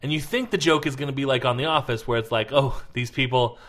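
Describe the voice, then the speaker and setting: A man's voice: mid-range voice, fast talker, a bit bright. Rambling man chatting about parenting. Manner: rambling, filler-heavy storytelling. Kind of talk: casual chat.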